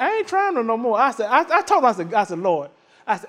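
With a very high-pitched voice at moderate pace, a middle-aged pastor preaches animatedly, telling folksy stories amid lots of laughter. A long reverb tail trails his words.

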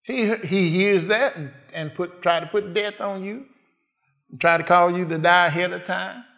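A man's voice: high-pitched, moderate pace, a bit bright. A man preaching a sermon in a call-and-response way, asking the congregation questions and answering them.

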